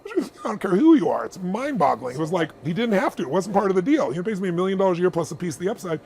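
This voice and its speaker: A middle-aged man telling stories in an interview, animated and acting out the people he quotes. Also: rapid-fire, vocal fry. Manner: animated, acts out quoted people in high voices. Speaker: guest. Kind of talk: storytelling in a conversation.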